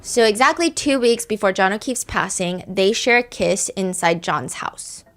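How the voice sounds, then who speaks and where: A woman's voice: mid-range voice, normal speed, soft background music. A woman hosting a podcast, retelling a true-crime case in a chatty, casual storytelling way. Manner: chatty, lively retelling with quoted voices. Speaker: podcast host.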